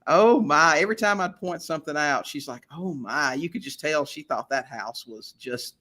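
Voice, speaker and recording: Chatty male guest, fairly high voice, lively storyteller. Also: brisk. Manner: chatty, animated anecdote-teller with frequent restarts. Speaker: guest real estate investor. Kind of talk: casual storytelling in a podcast interview.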